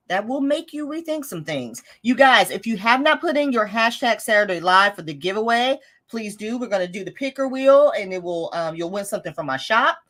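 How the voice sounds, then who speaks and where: This is a woman running a casual budgeting livestream. Her voice sits at an ordinary middle pitch but moves a lot, rising and falling as she chats. She keeps reading out viewer comments and answering them, often stopping to correct herself. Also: animated, fairly quick, hardly any pauses, a bit bright. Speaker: host of a live budgeting stream.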